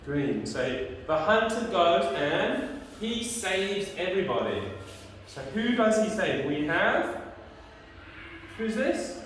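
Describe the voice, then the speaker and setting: A woman teacher telling a children's story slowly, stopping often to quiz the child. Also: mid-range voice, slight background noise. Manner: slow, lively, quizzing the child often. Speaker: English teacher. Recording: echoey room from far off.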